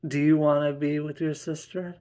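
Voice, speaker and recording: A stern young mother scolding her children, her voice pitched well above a man's, with a gravelly edge as a man puts her on. She talks slowly and firmly in a storybook reading. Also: lively intonation, heavily acted.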